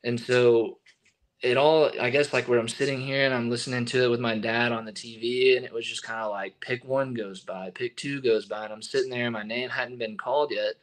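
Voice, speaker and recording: A young man being interviewed tells a story in an easy, casual voice. His delivery wanders, full of fillers and half-finished starts before he finds the thread. His pitch sits in an ordinary middle range. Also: brisk. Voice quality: relaxed, filler-heavy with many likes and restarts. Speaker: guest, baseball relief pitcher.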